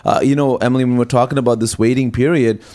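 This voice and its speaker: A man, a pastor hosting a faith talk show, asking long wandering questions and talking through ideas with a gentle, pastoral tone. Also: medium pitch, steady tone, quick pace. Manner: rambling, restarts questions, many fillers. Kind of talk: conversational interview on faith.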